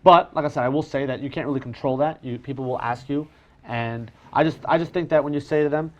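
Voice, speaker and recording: A professional magician chatting casually, self-deprecating and full of restarts. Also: male voice, medium pitch, fast, darkish tone. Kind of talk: casual conversational chat.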